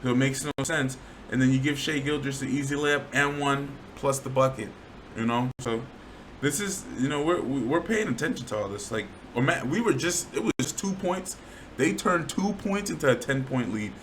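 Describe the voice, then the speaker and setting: A man giving a casual, slangy breakdown of game highlights, often getting worked up over bad plays. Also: moderate pace, fairly bright tone, a little hiss or hum, rough recording. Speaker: sports commentator.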